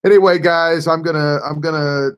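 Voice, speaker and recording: Hoarse man chatting on a live stream. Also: a little high, fairly even intonation, normal speed. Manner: reads viewer comments aloud and replies offhandedly. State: hoarse, voice nearly gone. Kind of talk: casual live stream chat.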